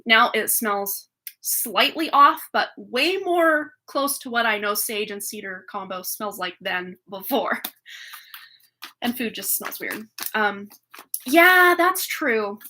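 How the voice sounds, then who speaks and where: A woman tarot reader chats to her live viewers from a table at home. Her voice is bright and sits a little high. She rambles quickly and laughs often. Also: a little hiss or hum. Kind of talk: chatty live-stream talk to viewers. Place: home room with a reading table.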